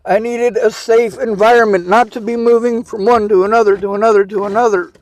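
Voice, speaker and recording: A man's voice: sits high, fairly even intonation, brisk, a little mellow, no room sound, low-quality recording. A man in a bitter, swearing personal rant to camera, venting his grievances in outbursts. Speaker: vlogger.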